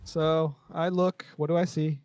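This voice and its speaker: A man with a slightly higher voice joking around with his friends during a tabletop game. His playful banter is recorded close and dry, with no room sound. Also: level tone, measured pace, darkish tone, no echo. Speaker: player. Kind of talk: casual tabletop game chat.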